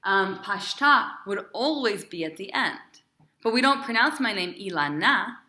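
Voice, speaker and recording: A woman's voice: a little high, expressive, normal speed, bright, forceful tone, echoey room. A woman cantor teaching a class, chatty and encouraging, asking her students questions. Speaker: cantor teaching Torah cantillation.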